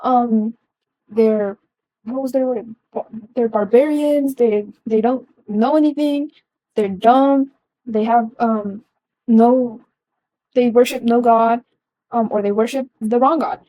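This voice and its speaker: A woman's voice: fairly high pitch, slow, pauses often, warm tone, no room sound, poor audio. A young adult woman giving a casual explanatory talk, earnest, with frequent ums and restarts.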